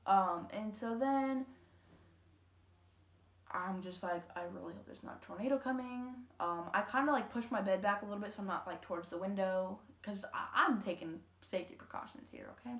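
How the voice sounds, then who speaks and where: A woman's voice: mid-range voice, normal speed, roomy sound. A teenage girl from Louisiana telling a story to camera at home, rambling casually with lots of fillers and quoted dialogue. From Louisiana, USA. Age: teens. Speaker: vlogger. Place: home room.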